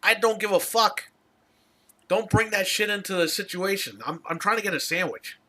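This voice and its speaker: Podcast host, male, raised tone, sharp edge, swears freely while venting. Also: high voice, moderate pace. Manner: profane, exasperated storytelling. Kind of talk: casual ranting chat.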